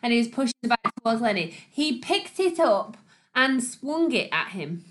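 A young woman, co-hosting a casual podcast, chiming in with quick, playful remarks. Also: a little high, sing-song, fairly bright tone. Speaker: podcast co-host. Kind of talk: casual chat.

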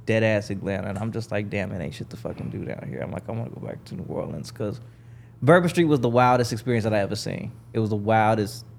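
A man's voice: fast talker, vocal fry, slight background noise. A young man from Chicago, a podcast guest, telling stories in casual chat and acting out the people he quotes. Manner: animated storyteller, acts out quoted people in a higher voice.

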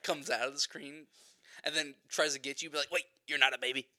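A man's voice: a little high, fairly even intonation, brisk, bright, forceful tone. A young man, co-hosting a podcast in a playful, teasing casual chat. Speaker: podcast co-host.

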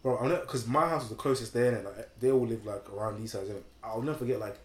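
A man's voice: medium pitch, rapid-fire. A young man with a London accent telling stories in a casual chat, full of slang and fillers. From England. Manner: slangy storytelling with many fillers. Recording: echoey room with faint background noise.

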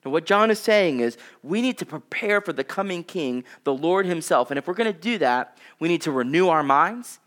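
A pastor in his thirties preaches to his congregation with a fairly high, voice. He talks casually, with ums and likes, and sinks low and quiet whenever he reads scripture aloud. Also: expressive, moderate pace, hardly any pauses. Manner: conversational preaching with fillers, dropping low for scripture quotes. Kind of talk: sermon.

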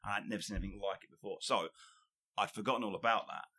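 A man's voice: lowish voice, racing, pushed and bright, slightly rough. A man hosting a podcast, chatting casually and rambling, swearing often and checking in with "do you know what I mean". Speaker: podcast host. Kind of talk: casual chat.

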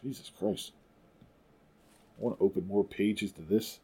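A man's voice: fairly low pitch, unhurried, darkish tone, slightly rough. A man co-hosting a casual comedy podcast, reading strange news stories aloud with wry asides. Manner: laughs easily, reads with wry asides. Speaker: podcast co-host.

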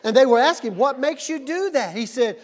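A male pastor delivers a sermon in a church. His voice sits very high for a man. He moves from calm, steady teaching to shouted, energetic call-and-response with the congregation. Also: fairly quick. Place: church sanctuary.

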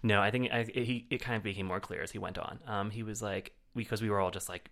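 A man co-hosting a film podcast, chatting casually and telling stories with lively put-on voices. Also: quick pace, hardly any pauses. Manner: animated storyteller, jumps into shrill impressions. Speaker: podcast co-host. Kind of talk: casual film review chat.

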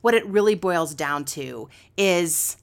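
A woman speaking as a life coach on a talk show. Her pitch swings in a lively way as she talks, and she is earnest and encouraging, pressing listeners with a challenge. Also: slow, creaky. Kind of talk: radio talk show chat.

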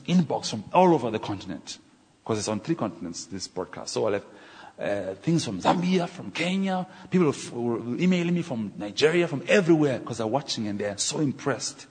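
A man preaching a sermon as a minister, animated, building up to emphatic points. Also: mid-range voice, breathy edge. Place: church hall. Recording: long hall reverb.

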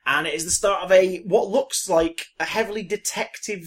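A man's voice: sits high, normal speed. Jokey man hosting a podcast. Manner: rambling, jokey, self-deprecating. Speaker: podcast co-host. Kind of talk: casual podcast chat.

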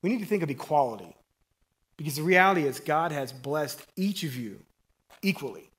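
A middle-aged man delivers a lively, conversational sermon. His voice sits a little high for a man. He punches key words loudly, then drops to near-whispered asides. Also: a little fast. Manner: energetic and conversational, swinging from loud emphasis to quiet asides. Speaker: preacher.

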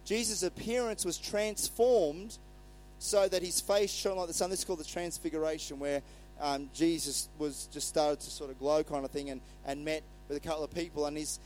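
Man, pastor, relaxed sermon, acts out quotes, slightly higher voice, low electrical hum. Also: poor audio. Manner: conversational, retells scripture with acted quotes.

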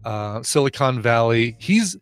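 A man co-hosting a podcast in casual movie chat, animated and laughing often as he retells scenes. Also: mid-range voice, a little slow, no echo, soft background music. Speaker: podcast co-host.

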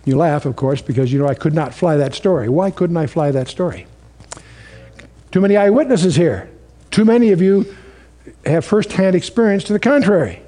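A man's voice: a little high, expressive, moderate pace, mellow. A man preaching a sermon in a conversational, storytelling way, asking the audience questions.

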